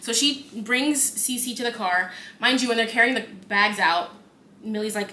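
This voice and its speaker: A woman's voice: a little high, moderate pace, echoey room, slight background noise. A young adult woman co-hosting a casual podcast, acting out scenes with lots of "like" and the odd swear. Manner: animated storytelling, acting out scenes, frequent "like" and swearing. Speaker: podcast co-host. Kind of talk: casual chat.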